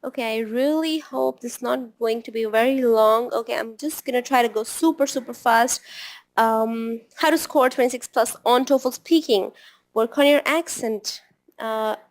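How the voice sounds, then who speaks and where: Chatty woman tutor, fairly high voice. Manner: chatty, often ends points with a tag question. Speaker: test-prep tutor. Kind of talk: informal online lesson.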